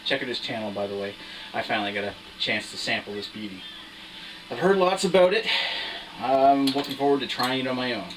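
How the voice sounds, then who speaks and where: A man's voice: mid-range voice, brisk. A young man hosting his own beer review, chatting casually with lots of fillers and restarts. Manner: rambling, with frequent fillers and restarts. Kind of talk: casual on-camera chat. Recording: voice somewhat distant from the mic, faint background hiss.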